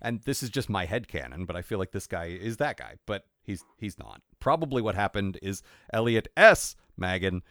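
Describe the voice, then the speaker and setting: A man's voice: low-pitched, big pitch swings, normal speed, few pauses, fairly bright tone, no room sound. A man co-hosting a podcast in casual chat, rambling and wry, full of fillers and restarts. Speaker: podcast co-host.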